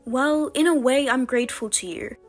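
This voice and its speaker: A woman narrating a text-message story in a steady, plainly read scripted style. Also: high-pitched, normal speed, faint music behind.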